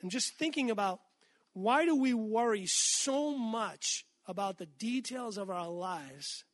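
A man's voice: sits high, a bit bright, no room sound. A man preaching an earnest, emphatic sermon, calling out to the congregation for amens.

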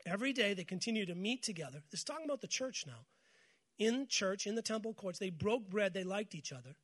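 A male pastor giving a lively sermon, calling on the congregation to respond and telling funny personal stories. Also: sits high, fast. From United States. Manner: call-and-response with congregation, storytelling with humor.

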